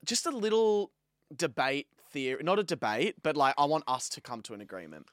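A man's voice: fairly high pitch, big pitch swings, brisk, a bit bright, no echo, studio quality. A young man co-hosting a casual podcast, arguing his point with playful mock outrage. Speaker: podcast co-host. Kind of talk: casual chat.

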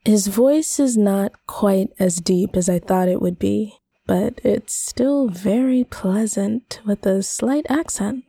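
A woman narrating a first-person romance audiobook in an intimate, soft-spoken way. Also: mid-range voice, slow pace, gravelly, breathy edge, no room sound, studio quality.

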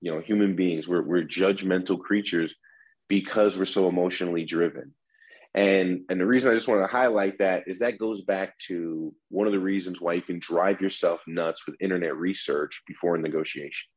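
Male negotiation instructor for an interview: deep, slightly raspy voice, explains step by step. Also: steady tone, moderate pace, poor audio. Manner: explanatory, restarts with repeated words.

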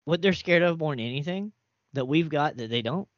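Male podcast host, loose rambling chatter, lively swooping pitch, dull dry recording. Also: fairly quick, dry recording. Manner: rambling, animated storyteller with restarts and cursing. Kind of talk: casual chat.

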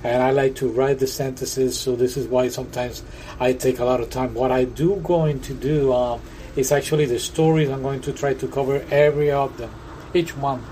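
A man's voice: mid-range voice, steady tone, moderate pace, warm tone, slight background noise, low-quality recording. Chatty man tutoring through an app lesson. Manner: repeats phrases, self-correcting, chatty. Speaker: language tutor. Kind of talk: casual lesson walkthrough.

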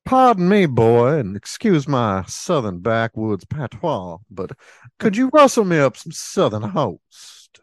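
A man's voice: mid-range voice, wildly swooping pitch, unhurried, dry recording. A man doing a pompous Southern backwoods gent. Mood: mock-polite.

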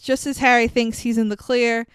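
In a casual recap, a woman retells a movie scene by scene at a normal speed, animated and cursing freely. Her fairly high voice is smooth and clean, captured close up and dry, with no trace of room sound.

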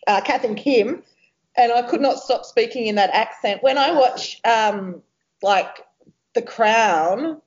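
A middle-aged woman, animated and exclamatory in a casual chat. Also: on the high side, slow pace. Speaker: podcast co-host. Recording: dull lo-fi sound.

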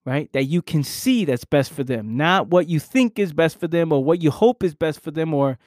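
A man with a fairly high, expressive, slightly mellow voice hosts a podcast, giving a motivational monologue at a moderate pace. He is earnest and emphatic, repeating key phrases and cursing casually. The sound is clean studio audio with no room sound.

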